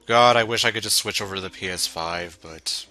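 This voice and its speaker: A man's voice: lowish voice, brisk, bright, forceful tone, faint music behind. A man streaming a video game, making casual, sardonic joking asides. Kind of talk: casual live-stream commentary.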